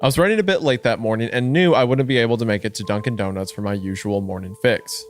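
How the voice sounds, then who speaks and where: A man co-hosting a casual horror podcast, chatting with laughs and reading story narration aloud in a lower, hushed voice. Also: fast, soft background music.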